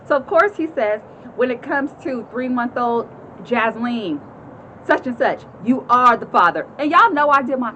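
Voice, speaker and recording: A woman in her thirties casually telling a story to her viewers, animated and chatty, acting out voices and often laughing. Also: a little high, measured pace, slight background noise. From California. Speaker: vlogger telling a personal story. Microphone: phone camera.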